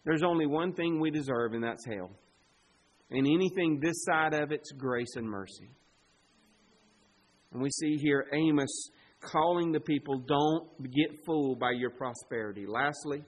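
A man's voice: unhurried, poor audio. Man preaching with big dynamic swings. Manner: preaching with wide swings from loud emphasis to hushed low asides. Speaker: pastor. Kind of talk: sermon.

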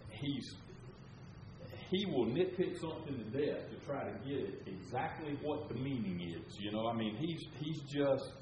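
A man's voice: mid-range voice, animated, unhurried, recorded from a distance, noisy background. An older man, preaching and telling a story in a folksy, rambling way that builds to fervor. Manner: folksy, rambling, grows loud and fervent. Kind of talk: sermon storytelling. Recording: roomy, dull sound.

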